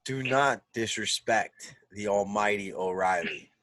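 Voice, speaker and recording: A man's voice: on the low side, unhurried, a bit bright, no room sound. A man co-hosting a wrestling podcast in casual chat, enthusiastic and peppering his talk with "man" and "dude". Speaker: podcast co-host.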